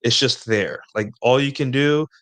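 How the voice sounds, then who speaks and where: A man's voice: medium pitch, moderate pace, fairly bright tone, no room sound. A man hosting a casual advice talk. He rambles, restarts sentences often, and keeps checking in with "right?" and "like". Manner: rambling, repeats points with "right?" and "like". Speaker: host answering viewer questions.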